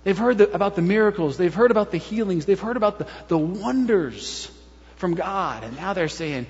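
A man's voice: high-pitched, moderate pace, in a large hall, dull audio. A man preaching a sermon in a church, talking conversationally with the congregation and acting out the voices of the crowd. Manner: animated, acts out crowd voices, conversational asides. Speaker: pastor.

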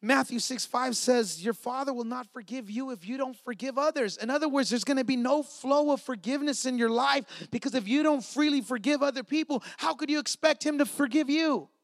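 A pastor in his thirties with a strikingly high voice delivers a sermon in a loose, conversational way, tossing asides to the congregation. The sound is dry and close. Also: fairly quick, hardly any pauses, no room sound. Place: church.

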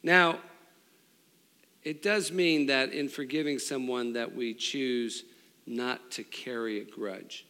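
Bright-voiced male pastor in a reverberant hall. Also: medium pitch, fairly even intonation, slow pace, smooth. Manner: storytelling with restarts, swings between loud and hushed. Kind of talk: sermon with a personal story.

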